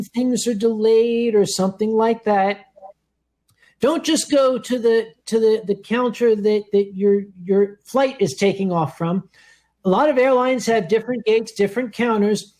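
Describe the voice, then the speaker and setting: A man co-hosting a comedy stream while drinking, giving drawn-out mock-stern advice and clearing his throat often. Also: very high voice. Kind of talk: casual comedic monologue.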